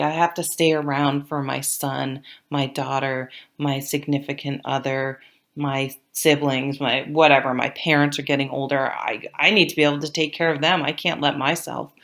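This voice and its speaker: A woman's voice: sits low, fairly bright tone. A middle-aged woman giving a casual tarot reading to camera, rambling and often trailing off to restart her sentences. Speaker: tarot reader.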